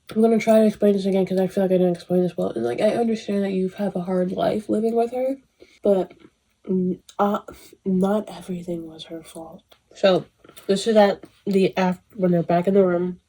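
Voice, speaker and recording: A woman in her twenties giving a casual, animated movie review, emotional and swearing freely. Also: medium pitch, husky. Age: 20s. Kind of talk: casual chat.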